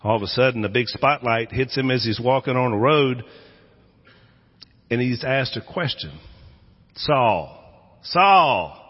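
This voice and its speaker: A man's voice: medium pitch, steady tone, normal speed, long pauses. A male pastor giving a sermon, telling Bible stories dramatically and acting out the voices in them. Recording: echoey hall, dull lo-fi sound.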